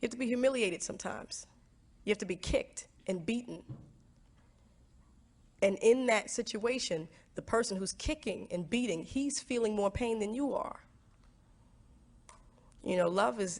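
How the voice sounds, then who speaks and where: A woman speaking reflectively in an interview clip, often halting and repeating words. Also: medium pitch. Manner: halting, repeats words, lively when quoting herself. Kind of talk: reflective personal talk.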